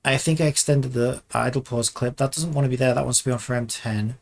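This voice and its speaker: A game developer vlogs while working, speaking a little fast at medium pitch. It's casual commentary full of muttering and swearing in constant exasperation, with sentences often trailing off and restarting.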